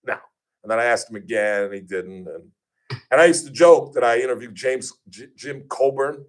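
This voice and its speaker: Male radio talk host, casual storyteller, does animated voices for quotes, medium pitch. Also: normal speed.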